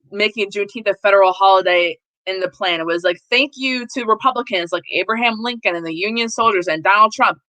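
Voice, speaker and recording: Casting: woman host, bright and blunt, swears freely, dry close sound. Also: mid-range voice, no echo, rough recording. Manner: blunt, profane, animated. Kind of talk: casual political live stream chat.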